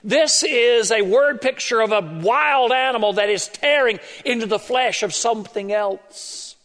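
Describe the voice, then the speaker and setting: A male pastor with an extremely high, fairly bright voice preaches a sermon emphatically, drawing out stressed key words. The recording carries the long reverb of a large hall.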